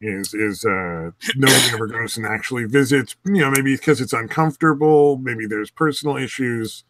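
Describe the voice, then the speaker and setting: A man's voice: mid-range voice, moderate pace, a bit bright, no room sound. A man chatting on a podcast in a laid-back, agreeable way. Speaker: podcast co-host. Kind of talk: casual chat. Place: recording studio.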